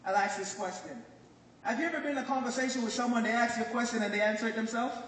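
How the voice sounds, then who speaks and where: A man's voice: extremely high pitch, rapid-fire. A man with a Jamaican accent giving a motivational business talk to a crowd, joking and telling stories and quizzing the audience. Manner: joking, animated storyteller who questions the crowd. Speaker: business presenter. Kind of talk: motivational speech to a live audience. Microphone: phone recording from the audience, far off. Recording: echoey hall, distant phone recording, faint noise.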